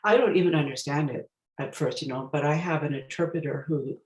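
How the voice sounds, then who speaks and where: A woman's voice: low-pitched, brisk, a little mellow, reverberant, poor audio. A woman giving a storytelling talk as a guest speaker, reflective and searching for her words as she goes.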